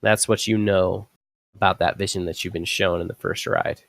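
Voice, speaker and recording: Low-voiced young man running a tabletop game. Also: steady tone, gravelly, fairly bright tone. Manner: halting, with frequent fillers and restarts. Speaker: dungeon master.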